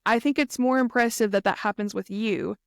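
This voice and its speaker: Woman co-host, high voice, chatty, says "like" a lot, dry close sound. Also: a little fast, gravelly, smooth, dry recording. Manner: chatty, heavy use of "like", excitable. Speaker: podcast co-host. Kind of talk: casual chat.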